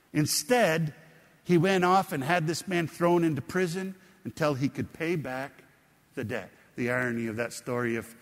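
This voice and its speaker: Guy preaching a sermon, kinda high voice, chatty and explaining stuff, big echoey hall. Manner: explanatory, conversational preaching with questions to the congregation. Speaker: pastor.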